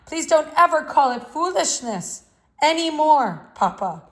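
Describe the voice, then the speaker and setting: A woman's voice: a little high, expressive, normal speed, natural voice. A woman reading the part of an earnest ten-year-old boy who pleads with his father. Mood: pleading.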